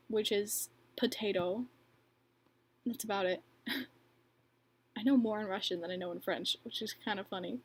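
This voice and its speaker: A woman's voice: mid-range voice, a little slow, pauses often, darkish tone. Chatty young woman on a livestream. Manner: chatty, filler-heavy, laughs often. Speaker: livestream host and bracelet maker. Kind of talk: casual livestream chat reading comments.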